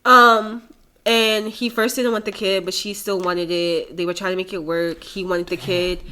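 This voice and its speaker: A woman's voice: medium pitch, little pitch movement, normal speed, bright, forceful tone. A young woman co-hosting a podcast, telling stories with chatty, playful teasing. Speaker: podcast co-host. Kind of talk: casual chat.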